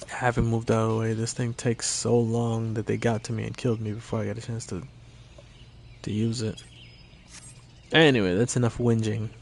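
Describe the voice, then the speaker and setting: A man's voice: medium pitch, darkish tone, slight background noise. A male streamer making chatty, self-deprecating comments while playing a game. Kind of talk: casual gameplay commentary.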